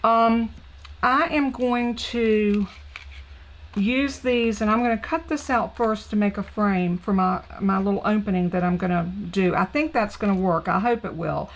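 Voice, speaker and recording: A woman's voice: mid-range voice, measured pace, rough recording. A woman with a Southern drawl chatting on a live card-making stream, gushing over her supplies and thinking aloud with fillers as she works. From Southern United States.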